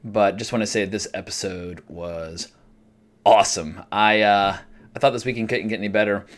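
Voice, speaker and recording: A man's voice: fairly low pitch, steady tone, moderate pace. A man casually reviewing a TV episode, chatty and self-deprecating, with frequent fillers and restarts. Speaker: TV review vlogger.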